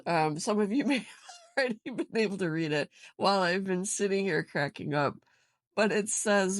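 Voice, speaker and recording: A woman's voice: low voice, no room sound, studio quality. A woman vlogging from her home craft room, opening a craft swap and bursting into giggles as she talks. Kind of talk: casual unboxing chat.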